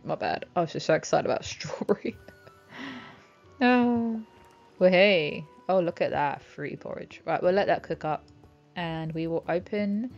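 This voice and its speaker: Gravelly-voiced woman chatting through a game. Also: low voice, darkish tone, muffled recording. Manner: chatty, giggly, talks to herself. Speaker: gaming channel host. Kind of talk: casual let's-play commentary.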